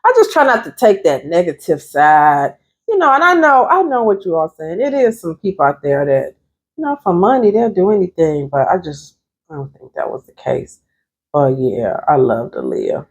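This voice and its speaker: A woman's voice: low-pitched, a little mellow. A woman therapist and life coach giving a chatty, emphatic motivational vlog talk straight to her viewers. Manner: chatty and emphatic, addresses viewers as "you all".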